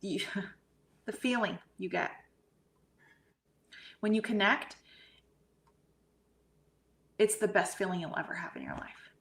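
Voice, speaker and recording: A woman talking in a relaxed, gushing way about pictures and energy, speaking over a remote call. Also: mid-range voice, slow pace, gravelly, long pauses. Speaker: guest medium. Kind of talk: casual podcast chat.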